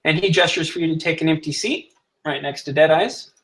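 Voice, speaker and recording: A man's voice: fairly high pitch, fairly quick, fairly bright tone, poor audio. A man narrating as game master of a tabletop role-playing game, who plays the characters in his own voice.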